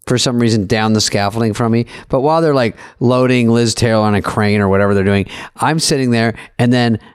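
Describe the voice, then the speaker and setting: A man in a casual podcast chat, spinning a rowdy, swear-laden story with animated energy. His voice sits in the usual male middle range. It is recorded close and dry, with no room around it. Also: medium pitch, a little fast, smooth, no echo. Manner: profane, animated anecdote-telling. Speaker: podcast co-host.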